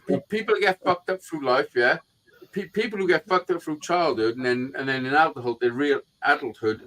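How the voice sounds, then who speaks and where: A man's voice: medium pitch, rough recording. A man hosting a live stream, chatting casually and telling profane stories with acted-out quotes. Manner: profane, animated storyteller who acts out quotes. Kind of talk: casual chat, storytelling.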